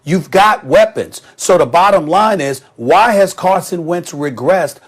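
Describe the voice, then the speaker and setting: A man's voice: high voice, lively intonation, unhurried, husky. A man arguing emphatically in a studio sports debate, pressing rhetorical questions.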